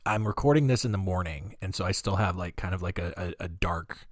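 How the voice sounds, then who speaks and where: A man hosting a podcast, telling odd history stories in a rambling, jokey way, with a deep morning voice and lots of fillers. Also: fairly quick, dry recording, clean studio sound. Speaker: podcast host. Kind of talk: casual comedic storytelling.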